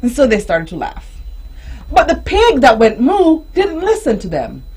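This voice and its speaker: Woman, high voice, very sing-song, slow and gentle, picture book reading, asks a child questions, playful animal noises. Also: wildly swooping pitch, husky. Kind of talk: storybook reading with teaching questions. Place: radio studio.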